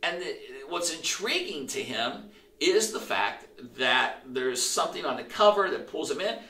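Middle-aged male pastor, bright and forceful. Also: a little high, a little slow, slight background noise. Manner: animated storyteller who acts out quotes and restarts phrases. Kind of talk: sermon storytelling. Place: church sanctuary. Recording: roomy echo, voice from a distance.

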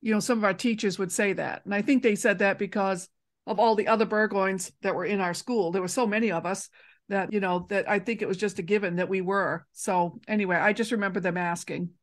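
A woman's voice: medium pitch, steady tone, brisk. A middle-aged woman co-hosting a family history podcast in a casual, chatty way, laughing easily. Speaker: podcast co-host. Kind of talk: casual chat.

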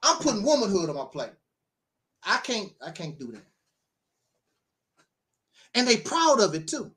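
A man's voice: sits high, sing-song, unhurried, fairly bright tone. A man preaching in a livestream monologue, talking emphatically, laughing often and repeating himself. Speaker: self-styled minister.

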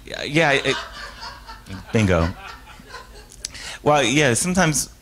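Slow but very animated, a man with a medium-pitched, fairly bright voice speaks through poor audio. He is a stage hypnotist at a live author talk answering audience questions, telling meandering stories full of restarts, self-interruptions, laughs, and acted-out voices.

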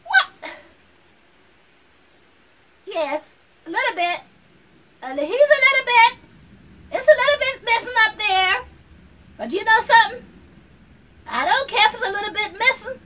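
A woman's voice: extremely high pitch, lively intonation, normal speed, pauses often, very noisy. A woman performing a comic monologue as an office worker, sassy and repetitive, talking straight to the audience. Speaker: comedy sketch performer. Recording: voice from far off the mic, faint ambience.

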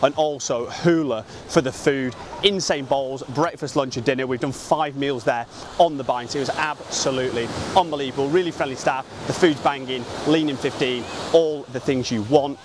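A man's voice: medium pitch, moderate pace, noisy background. A young man, a travel vlogger, talking casually and upbeat, with lots of slang, outdoors by a beach.

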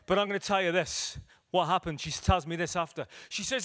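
A male evangelist preaching a sermon, telling stories with acted quotes and swinging between loud declarations and hushed moments. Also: sits high, fairly even intonation, brisk, hardly any pauses. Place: church hall.

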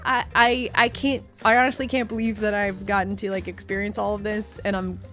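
A woman's voice: mid-range voice, little pitch movement, moderate pace, fairly bright tone, soft background music. A woman co-hosting a game playthrough, rambling and gushing in casual chat with the odd swear word. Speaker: co-host of a gaming channel. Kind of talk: casual let's play chat.

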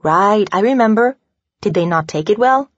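A woman's voice: mid-range voice, lively intonation, normal speed, no echo, pitched above the performer's own voice, natural voice. A woman narrator voicing a playful, affectionate young woman in an audiobook, with a light teasing delivery. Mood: caring. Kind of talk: audiobook dialogue. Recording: dull lo-fi dry recording.

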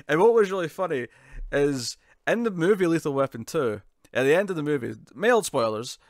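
A man's voice: on the high side, animated, brisk, no room sound, clean studio sound. A man co-hosting a casual podcast review, talking with lots of laughs and repeated words. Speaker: podcast co-host.

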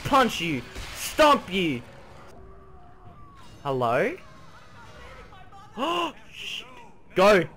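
In a high-pitched, breathy voice, a gaming video creator narrates a horror game extremely slowly, pausing often. He gets excited and swears, lets out yelps and shouts when startled, and hums and sings to himself during play.

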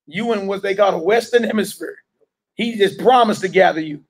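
A man's voice: high-pitched, a little fast. A man preaching to a gathered room, urging and questioning his listeners in call and response. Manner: emphatic, urging the listeners directly. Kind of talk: street-style sermon with call and response.

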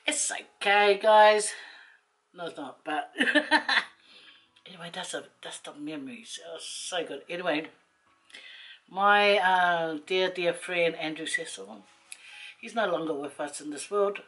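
A woman, a vlogger telling a rambling personal story to camera, chatty and quick to laugh. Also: lowish voice, expressive, a bit bright, poor audio.

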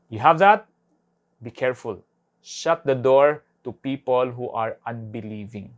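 Preaching man. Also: mid-range voice. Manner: conversational preaching, tag questions "no?". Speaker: pastor. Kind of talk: online sermon. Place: home or church online service.

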